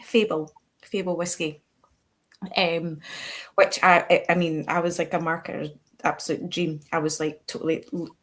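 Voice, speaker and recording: A woman's voice: sits low, little pitch movement, moderate pace, a bit bright. A Scottish woman, a podcast guest, chatting casually on a video call, often restarting her sentences and laughing easily. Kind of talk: casual chat.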